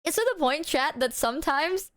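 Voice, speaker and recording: A woman's voice: high voice, moderate pace, fairly bright tone, a little hiss or hum. A woman streamer chatting casually to her viewers, rambling and swearing with plenty of slang. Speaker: livestreamer.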